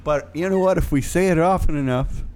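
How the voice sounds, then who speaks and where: A man's voice: a little high, a little fast, a little mellow. A man co-hosting a casual panel chat with a dry, wisecracking manner. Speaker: co-host.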